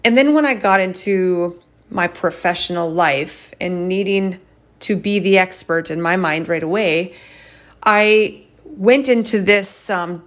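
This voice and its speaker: A woman chiropractor hosting a casual solo podcast, talking frankly and swinging her pitch up and down to demonstrate different tones of voice. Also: unhurried.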